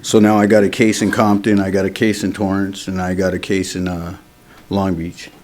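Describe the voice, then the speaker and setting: Deep-voiced man telling his recovery story. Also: little pitch movement, moderate pace, a little mellow. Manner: candid, street-casual, peppered with "man". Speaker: AA meeting speaker. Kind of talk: personal recovery testimony. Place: recovery meeting room.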